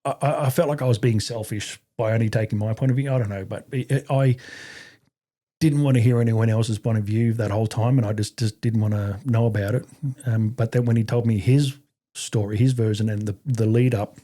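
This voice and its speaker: A middle-aged Australian man telling his story as a podcast guest in a halting way, with many restarts and fillers and blunt swearing. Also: fairly low pitch, steady tone, dark tone. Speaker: podcast guest, army veteran. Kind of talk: casual conversational storytelling.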